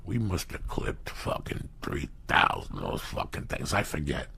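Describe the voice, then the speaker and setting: A man's voice: extremely low pitch, a little slow. A middle-aged man telling profane stories in a casual talk, acting out the people he quotes. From New Jersey. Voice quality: gravelly. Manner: profane, animated storytelling with acted quotes. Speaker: storyteller guest. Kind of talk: casual storytelling.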